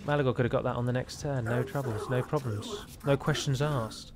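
In a mid-range voice, fairly quick and with hardly any pauses, the English commentator chats his way through a strategy game, wry and rambling. Slight background noise is audible.

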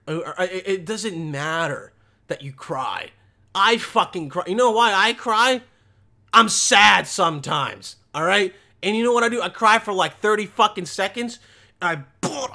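A man's voice: high voice, pushed and bright. A man giving a sarcastic, profane reaction commentary, often tacking "okay?" onto his sentences. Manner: repeats "okay?" and "all right?" often. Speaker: commentary vlogger.

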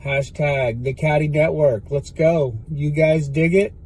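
A man's voice: on the high side, fairly even intonation, a little slow, darkish tone, breathy edge, low-quality recording. A man, a golf caddie, giving a casual, effusive and emotional video message to fans.

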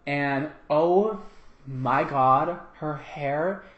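A man who works as a hairdresser, chatting and reacting to videos in an animated, gushing way. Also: a little high, muffled recording. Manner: animated and gushing, quick laughs. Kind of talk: casual reaction commentary. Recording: echoey room with music underneath.

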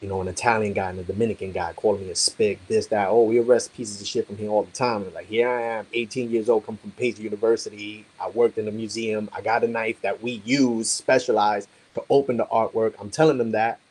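Husky, fast-talking cop swearing casually. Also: male voice, on the low side, steady tone, rough recording. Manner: blunt, profane street slang; rambling, many fillers like "you know". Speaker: police officer, coaching client. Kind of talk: casual conversation on a call.

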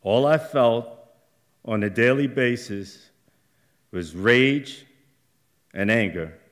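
Middle-aged guy doing live storytelling, real slow, halting, flares up now and then. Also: medium pitch. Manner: slow, halting delivery with heated outbursts. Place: theater stage.

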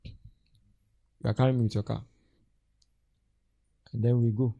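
This Nigerian pastor speaks slowly in a creaky, mid-range voice, with no room sound on the recording. He preaches in Nigerian English with animation, mimicking his congregants' voices amid laughter.

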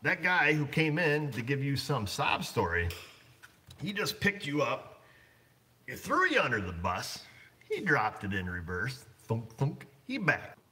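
A man's voice: mid-range voice, wildly swooping pitch, a little slow, bright, forceful tone. A blunt man running a repair shop, chatting casually on a livestream and rambling with lots of fillers. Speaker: auto shop owner.

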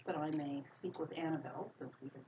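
A woman's voice: deep voice, fast talker, distant mic. A woman player in casual tabletop game chat, joking and giggly. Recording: muffled lo-fi recording with steady background noise.

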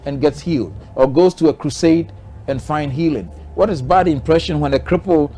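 A man's voice: a little high, normal speed, mellow, faint music behind. A man from Ghana, a bishop answering interview questions in a preaching manner, driving his points home with repeated rhetorical questions.

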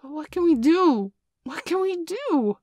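A woman voicing a frightened young boy from the story in a high, urgent voice. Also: big pitch swings, unhurried, vocal fry, no echo, exaggerated voice. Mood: excited.

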